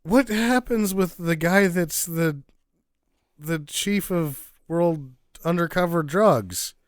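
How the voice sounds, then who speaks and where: A man's voice: a little high, slow pace, dry recording, clean studio sound. A man in a casual chat who cracks jokes and acts out quoted voices.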